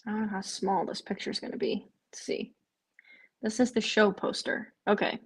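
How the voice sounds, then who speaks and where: A woman with a mid-range, slightly rough voice talks at normal speed while hosting a live stream. It's a casual watch-along where she chats and answers viewer comments, often saying "um" and repeating phrases.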